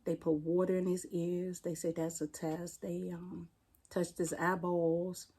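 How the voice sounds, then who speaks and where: Mellow-voiced D.C. woman recounting her loss. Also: on the low side, little pitch movement, slightly rough. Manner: plainspoken, halting, retelling a painful loss. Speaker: interview guest, firefighter. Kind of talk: personal storytelling in an interview.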